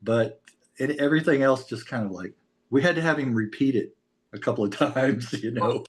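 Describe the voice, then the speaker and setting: American male interviewer, relaxed chatty delivery, laughs easily. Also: mid-range voice, moderate pace. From United States. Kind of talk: casual interview chat.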